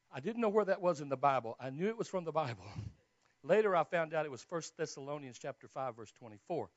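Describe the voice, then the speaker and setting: A man preaching a sermon as he tells his own story, dropping to hushed tones and then rising to loud exclamations. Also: on the high side, expressive, fairly quick, dry recording. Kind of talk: sermon testimony. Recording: dull, dry lo-fi recording.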